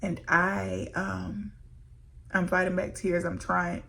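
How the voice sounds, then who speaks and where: A woman speaking to her viewers with earnest, emotional candor as she shares a faith testimony. Her low voice has a gravelly, creaky edge, and she talks to them warmly as "y'all.". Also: flat delivery, slow pace, a little hiss or hum. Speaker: licensed minister and vlogger. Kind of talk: candid faith testimony to camera.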